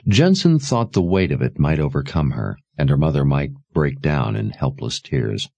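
A man narrating a novel aloud in a measured, expressive storytelling manner. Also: a bass voice, creaky, no room sound. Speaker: audiobook narrator. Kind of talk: scripted narration.

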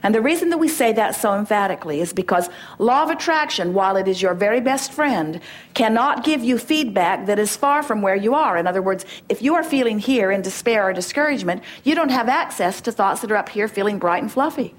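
A woman's voice: medium pitch, animated, brisk. A middle-aged woman addresses a gathering with an inspirational talk. She is emphatic and playful, slipping into short acted dialogues to drive her points home. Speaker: spiritual teacher.

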